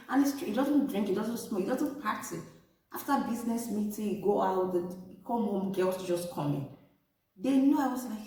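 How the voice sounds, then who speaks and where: A woman vlogger telling a personal story and giving relationship advice straight to her viewers, animated and talking to them as "ladies". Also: medium pitch, moderate pace. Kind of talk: casual storytelling to camera. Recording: echoey room, distant from mic.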